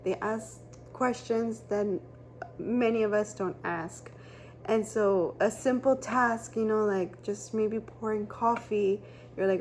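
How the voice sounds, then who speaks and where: A woman's voice: mid-range voice, steady tone, measured pace, darkish tone, a little hiss or hum. A woman giving a casual tarot reading, rambling and chatty with many fillers and restarts. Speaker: tarot reader.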